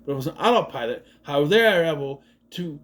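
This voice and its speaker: A man's voice: fairly high pitch, lively intonation, a little fast. A man giving a casual, rambling movie review, sarcastic and swearing often.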